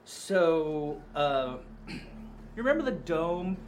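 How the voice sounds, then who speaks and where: A man playing in a tabletop game, talking in a lively, drawn-out way. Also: fairly high pitch, a little hiss or hum. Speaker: player. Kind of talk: tabletop role-play chat.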